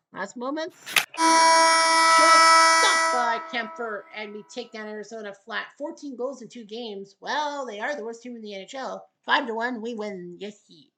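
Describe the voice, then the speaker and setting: A woman casually commentating over a hockey video game she is playing, joking and cheering loudly for her team. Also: mid-range voice, rough recording. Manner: excitable, jokey, calls the play and cheers for her team. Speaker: gaming channel host.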